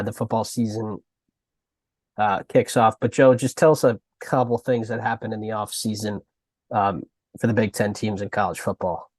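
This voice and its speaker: A man's voice: lowish voice, dry recording. A man co-hosting a sports podcast, speaking casually and a bit hesitantly, with many "like" and "um" fillers. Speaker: podcast co-host.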